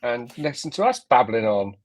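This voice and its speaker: A man's voice: medium pitch, sing-song, normal speed. A man co-hosting a casual live stream, hesitant and stumbling over his words. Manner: hesitant, stammers and restarts. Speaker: co-host.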